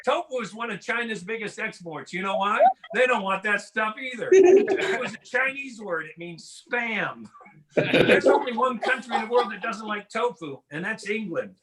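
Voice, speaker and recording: A middle-aged man from Washington State doing a stand-up routine, animated and slipping into drawls and mimicked voices. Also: high-pitched, moderate pace, a loud crowd, rough recording. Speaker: stand-up comedian.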